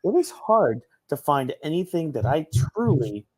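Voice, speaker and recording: A man co-hosting a casual review podcast, swearing freely and mocking crowds with loud put-on voices. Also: on the high side, moderate pace, slightly rough, no echo, clean studio sound. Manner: profane, animated, mocks crowds in shouted put-on voices. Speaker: podcast co-host.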